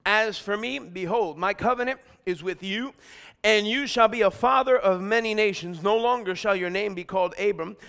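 A middle-aged man preaching a sermon, energetic and exhorting, calling out lines for the congregation to repeat and shouting emphatic points. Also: high voice, moderate pace, clear, resonant tone. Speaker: pastor.

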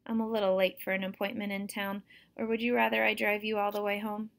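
A woman's voice: medium pitch, little pitch movement, fast talker, vocal fry, lightly acted. A woman voicing a folksy old country man.

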